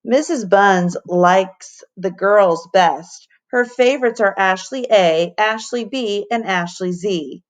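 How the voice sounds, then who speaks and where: A woman's voice: medium pitch, slow pace, few pauses, lightly acted. A woman reads aloud as a show-off class-clown schoolboy. His voice is theatrical and teasing, as in a children's storybook read aloud.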